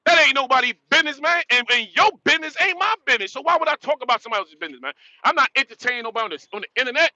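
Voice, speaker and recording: A man rants on a live stream in a high voice, blunt and repetitive, tagging "man" onto his lines. The sound is dry and close. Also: expressive, very fast, hardly any pauses, pushed and bright, dry recording, highs cut off. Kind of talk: casual live-stream rant.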